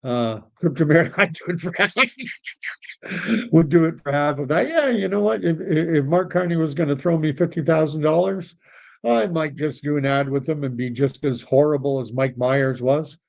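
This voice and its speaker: A man's voice: on the high side, moderate pace, gravelly, darkish tone. A Canadian man hosting a political livestream, chatting casually and rambling as he reacts to messages from viewers. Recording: dull lo-fi stream audio.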